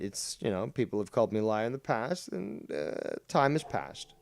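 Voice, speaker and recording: A man hosting a casual livestream in a combative, swearing manner, his pitch swinging up and down. The sound is close and dry, with no room in it. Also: clean tone, no echo. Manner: combative, reading chat aloud, swearing. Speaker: streamer host.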